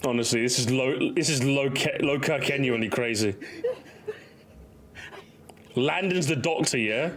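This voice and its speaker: A man's voice: medium pitch, a little slow, pauses often, a bit bright. A man casually reacting to memes, laughing often, swearing and acting out little bits.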